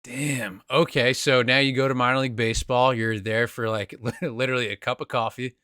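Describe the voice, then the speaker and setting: An enthusiastic male host with a bright, forceful voice asks casual, slangy questions. His voice sounds dry and close. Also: mid-range voice, fairly even intonation, a little fast, clear, resonant tone, no room sound. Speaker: podcast host. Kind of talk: conversational interview.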